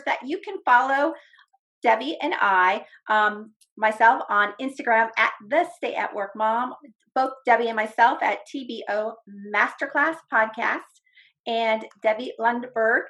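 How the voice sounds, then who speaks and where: Woman podcast host, warm and enthusiastic, higher-pitched voice. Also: unhurried. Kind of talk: casual podcast chat.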